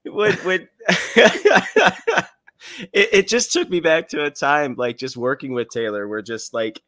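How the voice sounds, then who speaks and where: Pria pencerita santai, suara kering. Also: male voice, mid-range voice, moderate pace, dry recording, clean studio sound. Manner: animated storyteller, laughs while telling. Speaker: podcast co-host. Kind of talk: casual chat.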